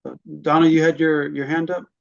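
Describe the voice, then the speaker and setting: A man's voice: fairly high pitch, level tone, a little fast, vocal fry. A man moderating a church group discussion, calling on participants and thanking them. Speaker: discussion leader. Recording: muffled lo-fi recording from a distance.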